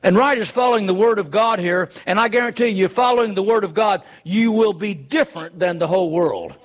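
High-voiced man preaching earnestly. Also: brisk. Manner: earnest, emphatic, rhetorical questions. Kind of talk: sermon.

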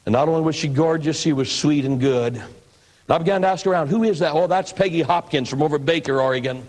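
An older preacher from the American Northwest recounts his testimony in a folksy, storytelling way. His voice sits a little higher than most men's. He acts out the people in his story as he talks. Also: a little fast, a little mellow, poor audio. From northwestern United States. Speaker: pastor and evangelist. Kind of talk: personal testimony sermon.

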